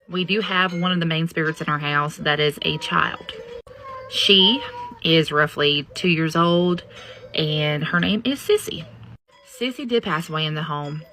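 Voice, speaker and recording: A woman's voice: low voice, unhurried, a little hiss or hum. A woman telling a personal ghost story in a folksy, confiding way. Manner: folksy, confiding, animated when quoting others. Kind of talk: casual personal storytelling to camera.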